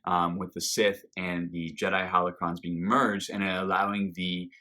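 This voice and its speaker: A man's voice: sits low, little pitch movement, normal speed, sharp tone. A man hosting a reaction video, talking through an episode review in a casual, enthusiastic and rambling way. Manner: enthusiastic, rambling with fillers and restarts.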